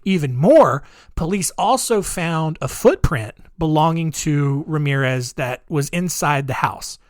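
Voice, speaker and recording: A man's voice: on the high side, lively intonation, a little slow, no echo, studio quality. Jokey rambling male podcast host. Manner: rambling and jokey, with frequent asides and laughs. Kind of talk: comedic true-crime storytelling.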